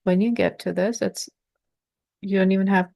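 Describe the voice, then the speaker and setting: A woman teaching pronunciation in an informal lesson, patiently explaining with halting pauses and sounding out letters. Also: mid-range voice, fairly even intonation, creaky, dark tone.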